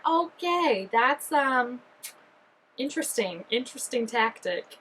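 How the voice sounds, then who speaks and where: A woman chatting excitedly through a reaction video, full of fillers and giggly asides. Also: sits high, takes it slowly, pauses often, slight background noise, rough recording. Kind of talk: casual reaction commentary.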